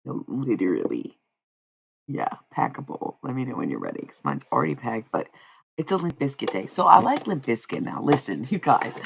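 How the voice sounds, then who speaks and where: An American woman in her thirties with a rumbling low, slightly rough voice and vocal fry chats casually with her live stream audience. She rambles, swears, and keeps a wry tone.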